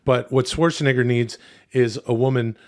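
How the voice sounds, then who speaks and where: A man of middling pitch riffs on a comedy podcast, rambling and restarting as ideas come to him. He talks casually and swears freely. The delivery is loose and conversational. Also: steady tone, normal speed, a little mellow. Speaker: podcast co-host.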